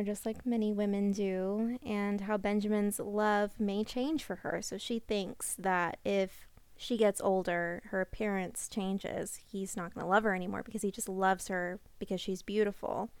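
Chatty lady cohost, smooth clear voice, dry close sound. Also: mid-range voice, moderate pace, no room sound. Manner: chatty, animated storytelling. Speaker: podcast co-host. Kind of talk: casual discussion.

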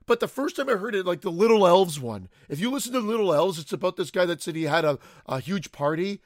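High-pitched guy rambling about comedy, swears a lot, dry close mic. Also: lively intonation, dry recording. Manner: rambling, profane, quick to laugh. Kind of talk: casual chat.

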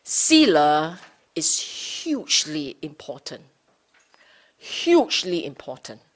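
A woman with a lowish voice gives a Dhamma talk to a small group of students. She speaks very slowly and deliberately, restating her points and stopping to check in with her listeners. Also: very animated. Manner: unhurried, often checks in with listeners; rephrases and repeats points for emphasis. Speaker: Buddhist Dhamma teacher.

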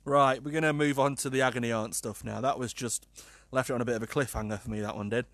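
A man hosting a podcast, reading odd news stories aloud in a casual, incredulous, animated way and swearing freely. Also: mid-range voice, fast, no echo. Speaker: podcast host.

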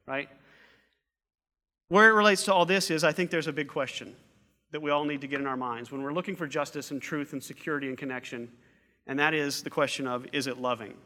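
A man's voice: on the high side, brisk, sharp tone. Earnest preacher man in echoing hall. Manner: earnest, repeats phrases for emphasis. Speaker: pastor. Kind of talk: sermon. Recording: long reverb of a large hall.

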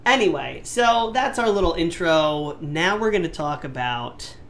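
A man's voice: fairly high pitch, expressive, unhurried, a bit bright. A man hosting a casual gaming podcast, asking playful, mock-dramatic questions. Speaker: podcast host.

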